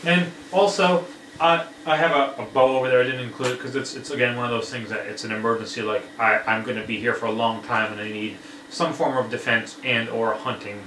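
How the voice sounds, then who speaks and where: A man co-hosting a survival gear video, trading deadpan one-liners in casual banter. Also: mid-range voice, a little fast, far from the mic. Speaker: co-host of a survival gear channel. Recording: roomy echo with faint noise.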